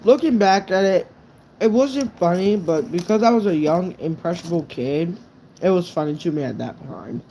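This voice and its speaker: A man's voice: high voice, moderate pace, background noise. A young man casually telling a true story on a live stream, rambling and swearing, with lots of "right?" fillers.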